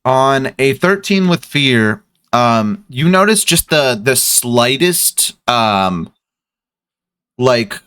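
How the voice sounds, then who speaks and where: A man's voice: medium pitch, sing-song, very slow, fairly bright tone, clean tone, no room sound, studio quality. A man narrating as game master of a tabletop game, hesitant, with many ums and restarts.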